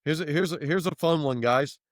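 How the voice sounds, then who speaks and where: A man co-hosting a podcast, talking loudly and excitedly with a booming voice. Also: brisk, no room sound, studio quality. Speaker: podcast co-host. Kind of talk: casual chat. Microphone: podcast microphone.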